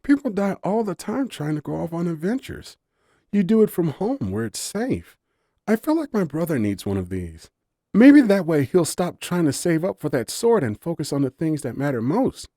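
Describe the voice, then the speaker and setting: A man's voice: on the high side, very animated, moderate pace, mellow, no room sound, studio quality, pitched above the performer's own voice. A man voicing a curious, bubbly young female forest fawn spirit in an audiobook story, eager and wide-eyed. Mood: wistful.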